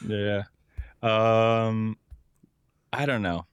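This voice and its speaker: A young man with a fairly low voice chats as a podcast co-host, recorded dry and close. He laughs often and slips into exaggerated voices for quotes. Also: fairly even intonation, drawn-out words, clean tone, dry recording. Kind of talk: casual podcast chat.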